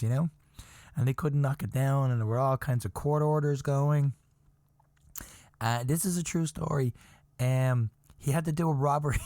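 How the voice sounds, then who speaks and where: A man hosting a podcast, telling a story in a casual, animated way, chuckling often, swearing, and insisting that it is true. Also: mid-range voice, dry recording. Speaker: podcast host.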